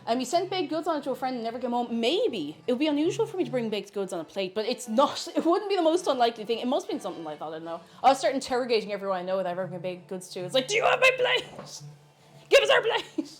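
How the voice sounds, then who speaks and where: Lively chatty Irish woman streamer. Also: fairly high pitch, very fast, few pauses, soft background music. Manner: chatty, reads chat aloud, laughs often. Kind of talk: casual live-stream chat while baking.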